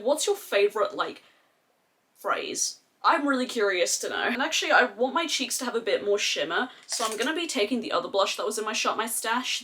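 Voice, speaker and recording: A woman's voice: mid-range voice, a bit bright. A young Australian woman chatting casually and animatedly through a makeup tutorial, with slangy, sweary asides. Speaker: beauty vlogger.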